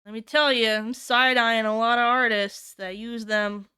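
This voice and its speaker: A young adult woman from the United States, chatting on stream in a casual, animated way, swearing freely and jumping high when she quotes people. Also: moderate pace, smooth. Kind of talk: casual chat while working on stream.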